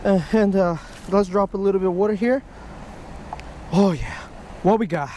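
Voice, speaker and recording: A man narrating his own fishing vlog outdoors at a creek, excitable, talking to himself and the fish and shouting when he gets excited. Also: high-pitched, normal speed, slight background noise. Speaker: fishing vlogger.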